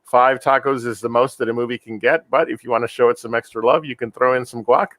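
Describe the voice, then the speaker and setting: Male podcast host, measured casual reviewer, mid pitch, dry studio sound. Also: fairly even intonation, a bit bright, no echo. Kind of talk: casual movie review chat.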